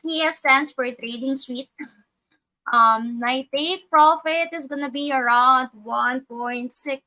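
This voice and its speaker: A woman guides viewers through a trading chart in a high, bright voice. She talks slowly and methodically, thinking aloud and correcting herself as she goes. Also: low-quality recording. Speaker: trading educator. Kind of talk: live trading walkthrough.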